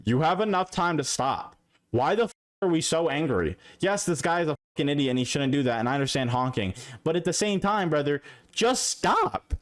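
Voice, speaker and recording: A man's voice: fairly high pitch, lively intonation, brisk. A man reacting to dashcam clips for his stream, casual and profane, scolding the drivers on screen. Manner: profane, exasperated, talks straight to the drivers.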